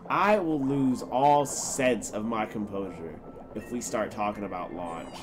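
A man streaming a video game live, reacting loudly and crudely and talking back to the characters on screen. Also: fairly low pitch, a little slow, background noise. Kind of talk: live gameplay commentary.

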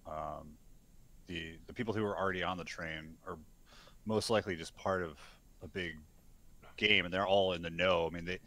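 A man's voice: sits low, steady tone, moderate pace, bright, forceful tone, no echo. A man taking part in a tabletop role-playing game, talking in a casual, loose and profane way. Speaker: player.

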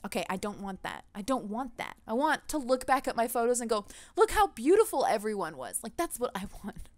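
A woman's voice: a little high, a little fast, dry recording. A young woman venting animatedly in a casual vlog rant, laughing often. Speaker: gaming vlogger.

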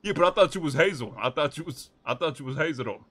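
Bright-voiced man in game roleplay. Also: a little high, expressive. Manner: slangy, laughing, quick to protest. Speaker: roleplay streamer. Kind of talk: casual in-character game roleplay.

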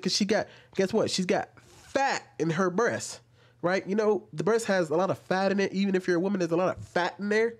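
A man's voice: sits high, a little fast. A man commentating on video clips, arguing his point and climbing into heated rants. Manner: argumentative, rising into heated ranting.

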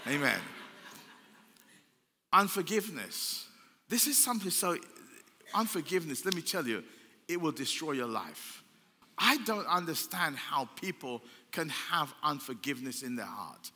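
A man's voice: a little high, lively intonation, moderate pace, pushed and bright, a little hiss or hum. Preaching man in an echoing hall. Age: older. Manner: emphatic, repetitive preaching with rhetorical questions. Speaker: pastor. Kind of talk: sermon. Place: church hall. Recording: long church hall reverb.

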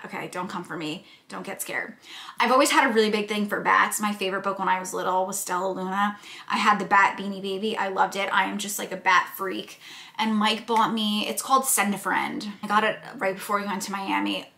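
A woman's voice: medium pitch, gravelly, sharp tone. Chatty young woman, echoey kitchen. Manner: chatty, playful, swears casually, talks to camera. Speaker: vlogger. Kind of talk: casual vlog chat. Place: home kitchen. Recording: echoey room, faint background hiss.

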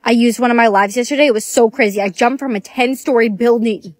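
A woman acting in comedic POV skits with a quiet, matter-of-fact delivery. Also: a little high, fast, no echo. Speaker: skit creator.

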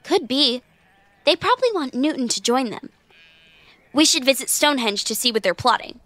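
A quick-witted girl adventurer who loves math puzzles in a family audio drama. Her voice is high, bright and lively. It is recorded dry and close. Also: no room sound. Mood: curious. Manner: quick-witted, problem-solving. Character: Molly, clever brainy girl adventurer.

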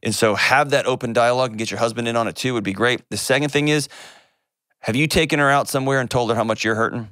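A man's voice: medium pitch, steady tone, fast talker, fairly bright tone, smooth, no room sound, studio quality. A middle-aged man hosting a call-in advice show, speaking earnestly and emphatically, often repeating words for weight.

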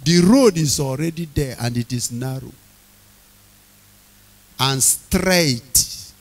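A man preaching an evening sermon, emphatic, repeating key phrases, questioning the congregation and bursting into loud shouted lines. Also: mid-range voice, slow pace.

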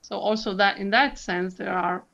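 A woman's voice: mid-range voice, moderate pace, fairly bright tone, muffled recording. A woman, a soprano and vocal coach, talking expressively in an interview and demonstrating sounds. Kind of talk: animated interview chat.

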